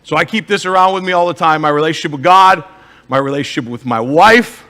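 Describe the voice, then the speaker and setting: Man, motivational speaker, Upper Midwest accent, rhetorical questions, somewhat high voice, stage in a big echoing hall. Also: fast, pushed and bright. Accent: Upper Midwest American. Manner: emphatic, rhetorical questions to the crowd. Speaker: motivational speaker and life coach. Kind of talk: live pitch talk to an audience.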